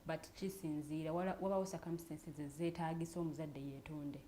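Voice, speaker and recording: A Ugandan woman on a chat show, laying out her thoughts in quick, steady speech. Her voice sits at a mid pitch. Faint room noise hangs behind her. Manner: reflective, explains her views at length, mostly in Luganda. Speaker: co-host. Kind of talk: casual panel chat.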